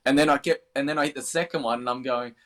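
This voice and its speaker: A man's voice: mid-range voice, steady tone, quick pace. An Australian man chatting casually as an interview guest, rambling with many restarts. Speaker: interview guest, darts player.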